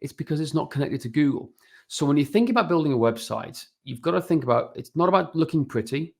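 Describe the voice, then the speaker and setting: A man's voice: on the high side, quick pace, gravelly. A man on a podcast as a guest and business owner, talking energetically and often checking in with "right?". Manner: energetic, keeps adding "right?" tag questions. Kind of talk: casual podcast interview.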